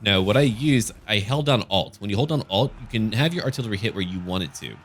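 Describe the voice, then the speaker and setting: A man's voice: fairly low pitch, expressive, quick pace, a little hiss or hum. A man giving gameplay commentary as a gaming channel host, with dry, joking asides.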